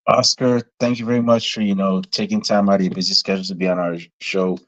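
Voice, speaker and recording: Measured folksy man, lower voice. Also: level tone, fairly bright tone. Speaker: podcast host. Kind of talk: show sign-off. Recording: dull lo-fi audio.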